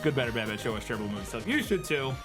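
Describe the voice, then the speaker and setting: A man's voice: medium pitch, sing-song, racing, music in the background. A man hosting a podcast about bad movies, chatting casually, swearing freely and laughing often. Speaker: podcast host.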